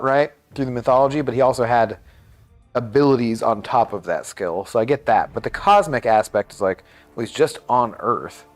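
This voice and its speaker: A man streaming a game live, chatting casually and thinking aloud with lots of fillers. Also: medium pitch.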